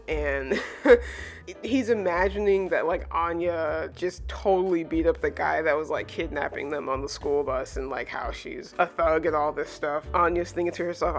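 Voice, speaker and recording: A woman's voice: lowish voice, animated, moderate pace, faint music behind. A woman hosting her own channel, chatting casually through a chapter review and filling her talk with "like" and "you know". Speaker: manga reviewer, channel host.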